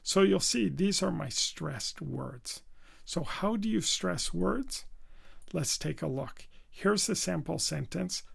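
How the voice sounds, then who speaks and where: A man teaching business communication in a lesson video, speaking deliberately and stressing key words to demonstrate. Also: fairly high pitch, creaky, husky.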